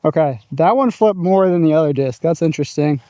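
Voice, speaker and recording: Man, casual outdoor vlogger, chatty and upbeat, warm dry voice. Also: fairly high pitch, lively intonation, fairly quick, dry recording, dull audio. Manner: upbeat, chatty, narrating his own throws. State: out of breath at times. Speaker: disc golf vlogger. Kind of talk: casual outdoor vlog commentary. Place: open field outdoors.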